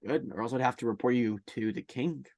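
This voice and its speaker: A man's voice: medium pitch, fairly quick, darkish tone, no room sound. A man co-hosting a podcast, chatting casually with dry, teasing quips. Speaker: podcast co-host. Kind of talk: casual chat.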